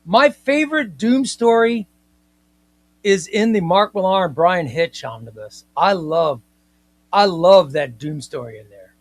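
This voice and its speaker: Hosting a casual comics livestream, a man with a slightly high voice speaks emphatically, a little slowly and expressively, circling back to repeat points and reading viewer comments aloud. The recording is close and dry, with no room sound.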